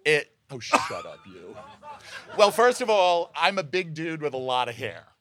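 Bright, animated man telling crude stories. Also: fairly high pitch, unhurried. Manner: laid-back storyteller, crude humor. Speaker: guest. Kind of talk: live podcast interview. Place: live show at a poolside venue. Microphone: handheld mic.

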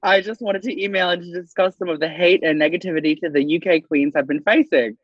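A man's voice: high-pitched, fairly even intonation, fast, no echo, lo-fi sound, pitched above the performer's own voice. A man putting on a prim British letter writer. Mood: mock-posh. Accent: put-on British. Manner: mock-posh, careful reading.

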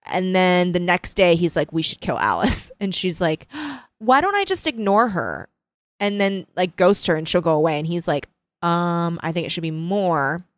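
A woman co-hosting a book discussion chats casually, retelling the plot with animation and acting out the characters' lines in quoted voices. Her voice is lowish, her pace moderate, with no echo.

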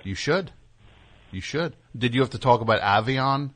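A man's voice: mid-range voice, expressive, normal speed, fairly bright tone. A man hosting a talk show, rambling and riffing with sarcastic humor in casual banter. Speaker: radio show host.

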